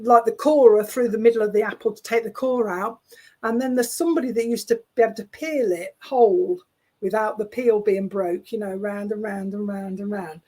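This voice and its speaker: A woman working as a spiritualist medium, relaying spirit messages over a video call in a chatty, halting, reassuring way. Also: fairly high pitch, a little mellow.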